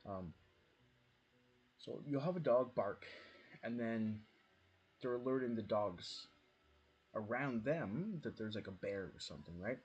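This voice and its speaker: A man's voice: fairly low pitch, lively intonation, unhurried, pauses often, a little mellow, breathy edge, dull audio. A man streaming a game from home, chatting in a casual, rambling way with lots of fillers and free swearing. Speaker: gaming streamer. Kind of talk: casual rambling chat while playing. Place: at home with dogs nearby.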